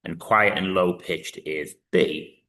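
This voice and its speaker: Man, 30s, physics teacher, very low voice, bright tone, step-by-step explaining, frequent fillers. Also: steady tone, slow. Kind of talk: recorded online lesson.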